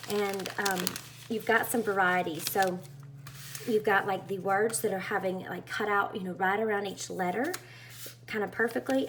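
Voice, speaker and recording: A woman's voice: medium pitch, slight background noise. A woman chatting casually as she unboxes a craft kit, gushing and full of fillers. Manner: bubbly and gushing, with many fillers. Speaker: craft vlogger.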